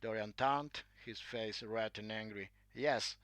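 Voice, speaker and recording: A man narrating a classic story, reading in a clear, measured way. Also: mid-range voice, a bit bright, no room sound.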